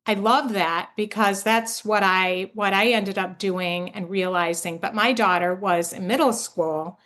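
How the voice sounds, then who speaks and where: In a conversational interview on her parenting podcast, a middle-aged woman chats enthusiastically and keeps affirming her guest. Her mid-range voice is steady, a little slow and a bit bright, full of fillers and restarts.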